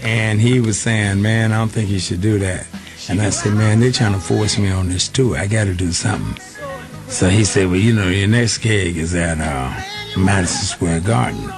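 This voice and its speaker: A man's voice: lowish voice, normal speed, music in the background. An older man, a singer giving a radio interview, telling long stories and acting out the voices of the people he quotes. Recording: faint hiss.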